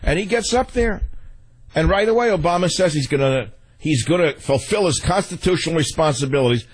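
A man hosting a political talk radio show, ranting fast and emotionally and running over his words. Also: on the high side, lively intonation, breathy edge, rough recording.

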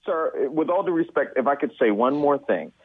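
Guy calling in on a tinny phone, begging, voice jumps all over, kinda husky. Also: on the high side, expressive, normal speed, no room sound. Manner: earnest, pleading, stumbles over words. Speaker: caller. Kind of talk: call-in radio plea. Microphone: telephone.

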